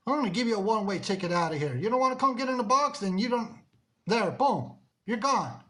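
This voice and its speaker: High-pitched scolding livestream host. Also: male voice, expressive, fast talker, pushed and bright. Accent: Mexican-American. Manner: scolding, insistent, repeats himself. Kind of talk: confrontational livestream talk.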